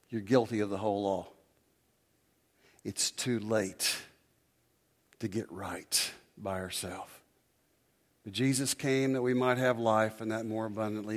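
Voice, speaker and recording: Male preacher, mid-range voice, emphatic sermon delivery with drawn-out pauses. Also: mid-range voice.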